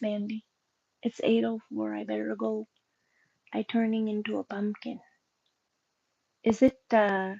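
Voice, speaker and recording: A woman's voice: fairly high pitch, gravelly, mellow, dull audio. A woman livestreaming, chatting casually and rambling with her viewers while she sorts boxes, and greeting them by name.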